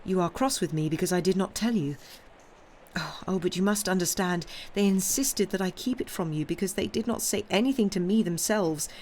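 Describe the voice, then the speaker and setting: A woman's voice: lowish voice, fairly quick, darkish tone, slight background noise, natural voice. A woman reading aloud, voicing a tender young woman who pleads anxiously with her grandfather. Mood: pleading. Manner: pleading, breathless questions.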